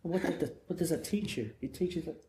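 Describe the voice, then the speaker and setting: A middle-aged Englishman, appearing as a guest hairdresser, tells long rambling anecdotes in casual chat. His voice is high, brisk and mellow, recorded in an echoey room with faint noise.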